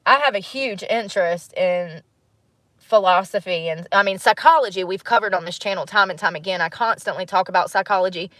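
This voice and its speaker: A woman in her thirties, talking to her channel in a casual, reflective monologue, musing and animated, with frequent laughs. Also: mid-range voice, brisk, no echo. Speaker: vlogger.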